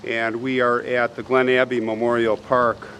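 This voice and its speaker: A man hosting a vlog, slowly and earnestly retelling a sad story on a walk through a cemetery, with pauses and restarts. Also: mid-range voice, little pitch movement, a bit bright. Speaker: host. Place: outdoors at a cemetery. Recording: faint outdoor background noise.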